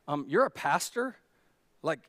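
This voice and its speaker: Pastor preaching in a dry, close sound. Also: male voice, on the high side, sing-song, unhurried, a bit bright, dry recording. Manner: storytelling, many restarts and fillers, building to emphatic peaks. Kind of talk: conversational sermon. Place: church.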